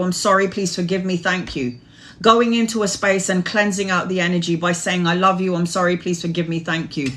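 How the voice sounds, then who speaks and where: A woman's voice: medium pitch, fairly bright tone. A woman reading tarot on a live stream, answering chat questions in a rambling, earnest way. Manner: rambling, earnest, advice-giving. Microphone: phone or webcam live stream.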